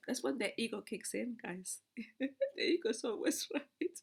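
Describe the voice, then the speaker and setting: Gravelly-voiced woman, laughing storyteller. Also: on the high side, normal speed. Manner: animated, laughs often, repeats words. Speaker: spiritual teacher. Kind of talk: casual storytelling monologue.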